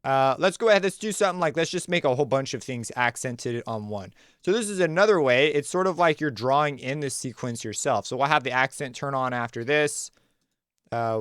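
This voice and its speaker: Man explaining music software, smooth dry voice. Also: mid-range voice, no echo. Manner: relaxed, conversational, thinks aloud while clicking. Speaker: music production tutorial host. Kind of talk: screen-recorded software tutorial.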